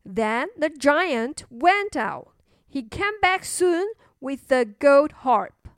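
A woman narrating a children's storybook and teaching English words, clearly and slowly, repeating words for learners. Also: high-pitched, very animated, dry recording, clean studio sound. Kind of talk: bilingual children's story narration and vocabulary lesson.

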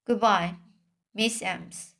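A woman's voice: mid-range voice, fairly even intonation, extremely slow, vocal fry, fairly bright tone, exaggerated voice. A woman voicing a small, fussy mouse boy who is heartbroken, reading his lines aloud from a storybook in her own everyday voice. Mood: stiff.

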